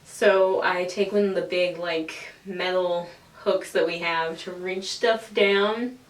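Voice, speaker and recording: A woman's voice: on the low side, fairly even intonation, slow pace. A woman in her twenties, a vlogger telling a casual story, swearing freely and acting out the people in it. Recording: echoey room, distant from the mic.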